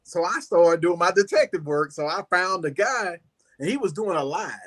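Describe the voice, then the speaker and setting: Bright-voiced man, telling stories. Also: sits high, moderate pace. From Southern United States. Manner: rambling, animated, leans on "you know". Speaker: guest musician. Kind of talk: casual storytelling interview.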